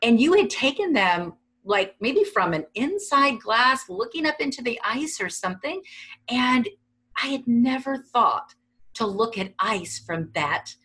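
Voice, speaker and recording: Podcast host, woman, husky and lower-pitched, swings a lot in melody, encouraging. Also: very animated, measured pace. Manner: warm, encouraging, leading questions. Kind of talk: interview hosting.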